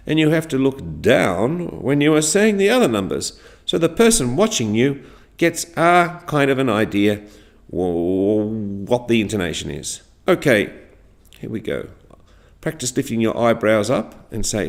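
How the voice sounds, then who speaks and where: A male teacher leading a lesson at an unhurried pace, every word laid out carefully for his pupils. His pitch swings widely, jumping high on the words he uses as examples. He spells and counts aloud so the class can follow along. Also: big pitch swings, gravelly. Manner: exaggerated rising pitch on demonstration words. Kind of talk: classroom instruction.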